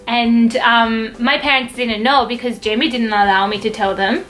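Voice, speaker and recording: A woman vlogger tells a personal story in a relaxed, chatty way, acting out what others said. Her voice is bright and a little high, with faint music behind her. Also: moderate pace, hardly any pauses, poor audio. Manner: chatty, lots of fillers and acted-out quotes. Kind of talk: casual storytelling.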